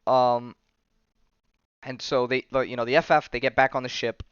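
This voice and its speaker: A man's voice: medium pitch, little pitch movement, moderate pace, fairly bright tone, clear, resonant tone, dry recording, highs cut off. A man hosting a podcast, recapping comics in casual chat full of fillers and restarts. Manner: rambling, many fillers and restarts. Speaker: podcast host.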